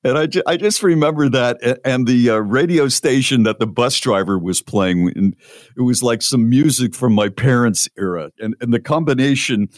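A man co-hosting a radio show, telling stories in casual, earnest chat with halting restarts. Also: medium pitch, no room sound, clean studio sound.

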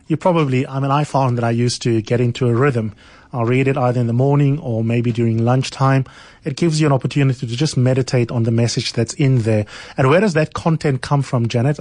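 A man's voice: mid-range voice, a little mellow, no echo. Man hosting a studio radio interview. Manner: measured, probing questions. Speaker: radio host.

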